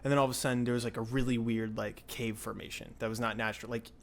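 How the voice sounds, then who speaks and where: A young man hosting a podcast, telling a story in a rambling, excitable way with lots of filler words. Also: medium pitch, fast talker. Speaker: podcast host. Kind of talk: casual storytelling chat.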